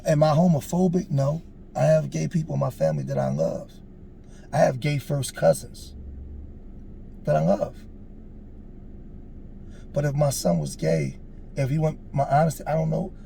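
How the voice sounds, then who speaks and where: A man in his forties tells a personal story with an earnest, emphatic, preachy edge. His voice is dark and gravelly, and there is faint noise in the background. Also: a little high. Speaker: storyteller on a street interview show.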